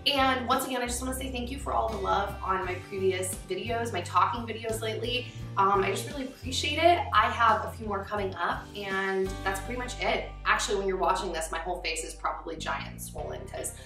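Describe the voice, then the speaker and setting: A woman's voice: mid-range voice, fairly quick, few pauses, reverberant, recorded from a distance, music in the background. A young adult woman casually reviewing snacks in a chatty, upbeat vlog, with many "like" fillers. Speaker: vlogger.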